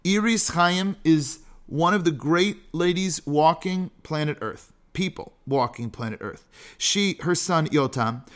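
Medium in pitch and fairly bright, a male podcast host talks through character ethics casually. He keeps poking fun at himself and tossing out rhetorical questions.

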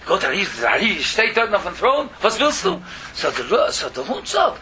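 Bright, rapid-fire man, animated religious storyteller. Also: sits high, a little hiss or hum. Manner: animated, repeating phrases, mixing languages. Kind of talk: storytelling Torah talk.

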